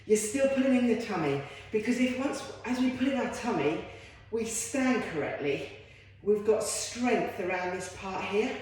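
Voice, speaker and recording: A woman's voice: medium pitch, lively intonation, normal speed, darkish tone. A woman leading a home workout as a fitness instructor, chatty and encouraging with self-deprecating asides. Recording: very echoey room.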